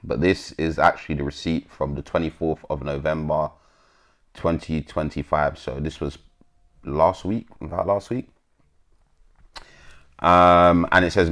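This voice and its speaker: A man's voice: very deep voice, steady tone, unhurried, pauses often, fairly bright tone. A man hosting an MMA commentary channel, chatting bluntly and swearing as he reads posts to his viewers. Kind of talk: casual commentary, reading posts aloud.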